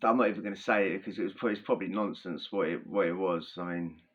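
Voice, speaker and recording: A man's voice: deep voice, fast talker. Slangy man telling stories, dull audio. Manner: chatty and animated, heavy slang, laughs while telling. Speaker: former prisoner telling prison stories. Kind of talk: casual storytelling to camera.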